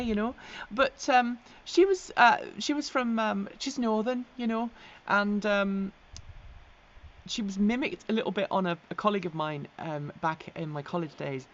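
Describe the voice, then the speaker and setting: A woman's voice: mid-range voice, normal speed, muffled recording. An Englishwoman hosting a casual live stream, chatting and reacting to viewer comments with many ums and frequent laughs, her accent sometimes slipping toward American. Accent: English, with occasional American slips. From England. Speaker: host of an electric vehicle news live stream.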